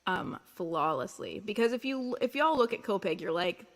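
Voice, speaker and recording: A woman's voice: mid-range voice, animated, normal speed. A woman with a Long Island accent, a musician chatting casually and jokingly on her livestream while reading out viewer comments. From Long Island, New York.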